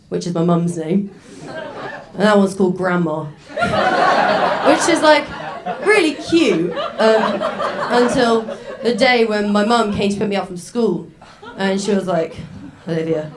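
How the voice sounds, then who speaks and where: A woman's voice: medium pitch, background noise. Young woman comic, rambling, self-mocking stand-up delivery. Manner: chatty, self-mocking, with many fillers. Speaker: stand-up comedian. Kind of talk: stand-up set. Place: stage before a live audience.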